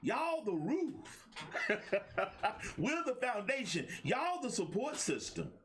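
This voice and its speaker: A man's voice: high voice, very animated, slow pace, fairly bright tone, slight background noise. A middle-aged man hosting a motivational livestream, talking in a preachy call-and-response style. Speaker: host and life coach.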